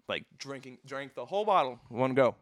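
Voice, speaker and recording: A man's voice: medium pitch, animated, a little fast, a bit bright, no room sound, clean studio sound. A young man in a casual chat, telling a rambling, profane story full of "like". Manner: rambling and profane, heavy use of "like". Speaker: touring band musician.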